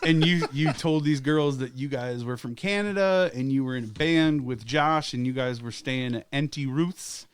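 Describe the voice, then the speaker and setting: A man's voice: mid-range voice, normal speed, hardly any pauses, smooth. A man guest on a podcast, telling old stories in a casual, joking and swearing manner. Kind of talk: casual storytelling chat.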